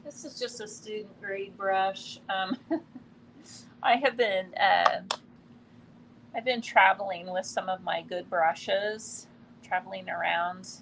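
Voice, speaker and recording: Slow, gravelly-voiced woman teaching painting. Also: mid-range voice, background noise. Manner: relaxed, thinking aloud while painting, often trails off. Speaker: art instructor. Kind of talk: live painting demonstration. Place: quiet indoor studio in a building.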